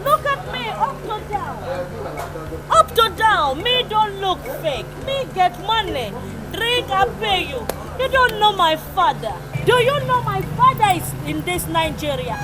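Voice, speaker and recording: A bragging Congolese hustler. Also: female voice, very high voice, sing-song, measured pace, full character voice. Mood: boastful, wheedling. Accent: Congolese French. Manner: broken English, brags, laughs a lot. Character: boastful Congolese woman hustler pitching schemes. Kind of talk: comedy film acting.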